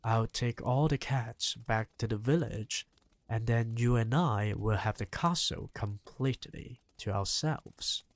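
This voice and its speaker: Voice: mid-range voice, measured pace, no room sound, close to an everyday voice. A reader voicing a spirited, bossy old grandmother in an audiobook, talking impatiently and rousingly. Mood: thrilled. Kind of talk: audiobook reading.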